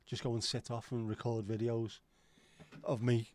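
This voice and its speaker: Middle-aged man hosting a casual stream, mid-pitched, chatty and sweary, dry close sound. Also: flat delivery, moderate pace, a little mellow, no echo. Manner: rambling, sweary, reads out chat comments. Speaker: livestream host. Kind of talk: casual livestream chat.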